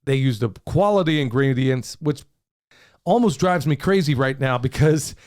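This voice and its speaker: A man's voice: mid-range voice, expressive, normal speed, darkish tone. A middle-aged man, hosting a casual podcast in an upbeat, folksy way. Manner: folksy, upbeat, says "y'all" often. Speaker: podcast host.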